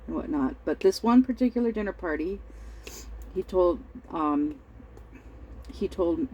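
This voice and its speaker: A middle-aged woman rambles through a family story at an unhurried, slow pace, often stopping to clear her throat or fill a gap. Her voice is mellow and soft-edged. She sounds over-tired. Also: low-pitched, low-quality recording. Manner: rambling, halting, with frequent throat-clearing and fillers. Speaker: crafting vlogger. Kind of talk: casual storytelling while crafting.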